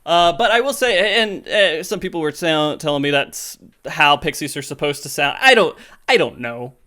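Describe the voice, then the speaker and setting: A man hosts a relaxed gaming podcast with a slightly higher voice. He talks candidly and rambles, circling back over his own words. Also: moderate pace. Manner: rambling and candid, with many restarts. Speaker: podcast host. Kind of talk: casual gaming podcast chat.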